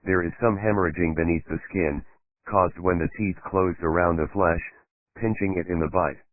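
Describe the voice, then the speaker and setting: A man's voice: deep voice, steady tone, no room sound, lightly acted. A man reading a detached forensic dentist. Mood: matter-of-fact. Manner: measured, matter-of-fact testimony. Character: detached male forensic dentist expert witness. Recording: tinny phone-like dry sound.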